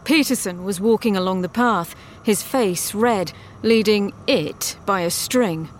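A woman reads a science fiction story aloud. She takes her time, with unhurried, deliberate sentences. A faint background hiss sits under her voice. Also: mid-range voice. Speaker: narrator. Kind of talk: storybook narration.

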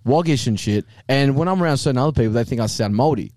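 A man with a Western Australian accent, swearing freely and laughing loudly in casual banter with friends. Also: medium pitch, lively intonation, fast talker, dry recording. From Perth, Western Australia.

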